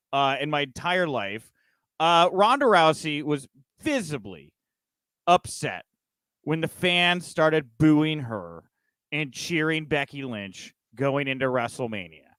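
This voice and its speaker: A man holds forth on a news podcast in a fairly high voice, fired up and emphatic. The sound is close and dry, with no room around it. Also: no echo. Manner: emphatic, animated ranting. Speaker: podcast co-host. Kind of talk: casual news chat.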